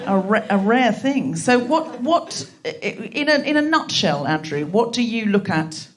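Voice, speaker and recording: Comedy host, woman, fairly high voice, teasing live banter, crowd heard. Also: very animated, a little slow. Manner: teasing, laughing, playful banter. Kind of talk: live comedy show audience chat. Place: live venue with audience. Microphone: handheld mic. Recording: live show with audience crowd noise. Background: audience laughter.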